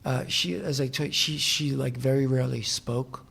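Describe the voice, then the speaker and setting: A man talking as a guest in a casual interview in a hotel room, telling a long story in a soft-spoken, meandering way with frequent restarts. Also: mid-range voice, fairly even intonation, moderate pace, creaky, husky. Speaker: musician guest.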